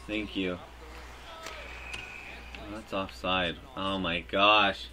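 A man talks through a hockey video game as he plays, in an unhurried, bright and forceful voice. He jokes to himself and bursts into loud cheers at big plays. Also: lowish voice, slight background noise. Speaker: gaming YouTuber. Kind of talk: live gameplay commentary.

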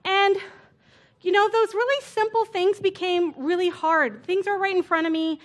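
A woman speaker at a conference, telling her story in a relaxed, chatty way full of "like" and "right?". Her voice sits noticeably high. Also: moderate pace. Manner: casual, chatty, lots of "like" and "right?". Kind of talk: conference talk. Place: conference stage before an audience.

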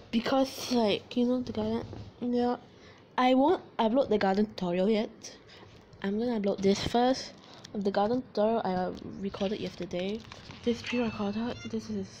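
A woman's voice: fairly high pitch, highs cut off. A woman hosting a casual let's-play, chatty and jokey with rambling asides, music mixed under her voice. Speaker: gaming channel host.

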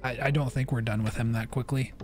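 A young man hosting a gaming channel, commenting aloud as he plays, shifting between flat calm remarks and alarmed bursts. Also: mid-range voice, a little fast, faint music behind. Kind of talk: let's play commentary.

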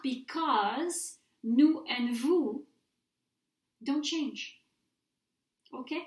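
A woman teaching a recorded grammar mini-lecture, speaking clearly and patiently and repeating words slowly for students to copy. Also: a little high. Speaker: French teacher. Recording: roomy echo.

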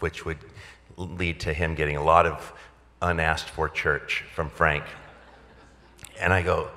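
A man's voice: very deep voice, sharp tone, big-room sound. A man, a pastor, telling a personal story at a gala in a candid, conversational way with wry humor. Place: large event hall.

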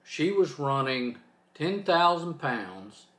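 A man's voice: a little high, sing-song, takes it slowly, fairly bright tone, reverberant. Fired-up man ranting to his channel. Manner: fired-up, preachy, emphatic. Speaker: trucking channel host. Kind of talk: off-the-cuff vlog rant.

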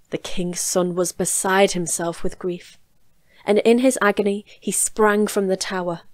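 A woman reads a fairy tale aloud in a calm, measured way, her voice sitting at a middle pitch. The recording is dry and close, made in a small home studio. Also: no room sound. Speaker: storyteller.

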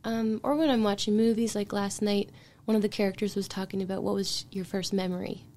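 A woman with a Canadian accent chats as a guest on a casual podcast, musing openly about her songwriting. Her voice sits in a middle pitch, and she drifts between thoughtful asides and light laughter. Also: steady tone, brisk, warm tone. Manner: chatty and reflective, with frequent light laughs.

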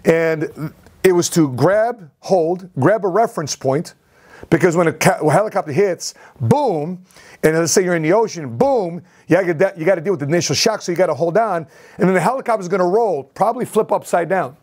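Animated man retelling a story, higher voice. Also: a little fast, breathy edge. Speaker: entrepreneur vlogger. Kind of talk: storytelling vlog.

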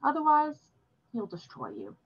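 A woman voicing a kindly, wise older woman teacher who speaks gently and reflectively. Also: high-pitched, huge pitch swings, normal speed, husky, muffled recording, pitched above the performer's own voice, exaggerated voice.

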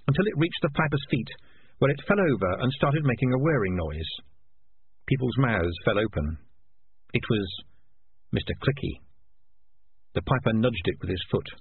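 Lively male storybook narrator. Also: medium pitch, slightly rough. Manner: lively, expressive reading. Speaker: audiobook narrator. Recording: tinny lo-fi with faint hiss.

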